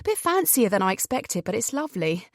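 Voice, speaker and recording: Woman voicing a teasing young holiday woman, animated, dry close mic. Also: mid-range voice, a little fast, dry recording.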